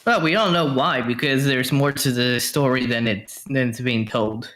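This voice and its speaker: A man's voice: mid-range voice, normal speed, fairly bright tone. Rambling man thinking aloud. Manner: rambling, thinks aloud, trails off mid-sentence. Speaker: podcast co-host. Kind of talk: casual chat over a voice call.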